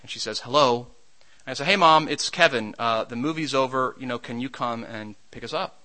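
A man preaching a sermon, mixing Scripture with a lively personal story. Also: medium pitch, a little fast, low-quality recording. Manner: storytelling, shouts during a comic anecdote.

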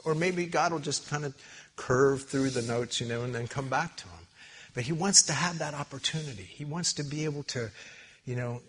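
A man preaching a sermon in church, telling stories with animated, loud peaks and quiet asides. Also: medium pitch, husky. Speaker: pastor.

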